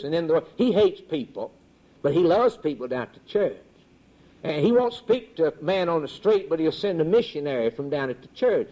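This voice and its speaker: A man preaching a sermon with a rhythmic, repetitive cadence and sudden swings in pitch. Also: darkish tone. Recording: dull lo-fi recording.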